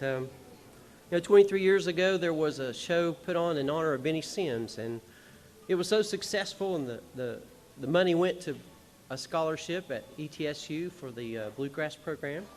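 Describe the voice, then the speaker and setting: A man with a lilt tells a family story from a concert stage through a microphone. His voice sits a little high for a man, and he rambles warmly and chuckles now and then. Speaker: son of the honored musician, speaking at a tribute show. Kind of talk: personal stage speech.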